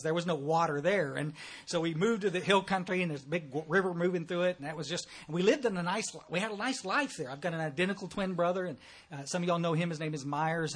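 A man's voice: on the high side, breathy edge. A man with a thick Texas accent giving a blunt, folksy, joking talk at a recovery meeting.

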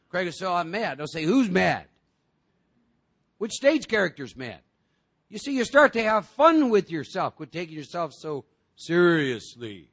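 A man speaking to a recovery group, animated and joking, acting out other voices as he talks. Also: fairly high pitch. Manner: animated, acts out voices, jokes with the room.

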